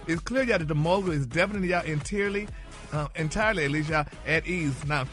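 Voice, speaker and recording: A man's voice: on the high side, fast talker, fairly bright tone, soft background music. A man reading celebrity gossip on morning radio, dropping "y'all" and "honey" into every phrase.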